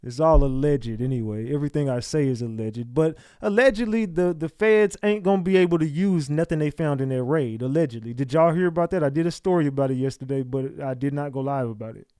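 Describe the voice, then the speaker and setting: A man's voice: on the high side, fairly quick, hardly any pauses, mellow, clear, resonant tone, dry recording. Talkative man hosting a livestream. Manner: talkative, asks viewers rhetorical questions. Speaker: livestream host. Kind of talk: casual livestream commentary.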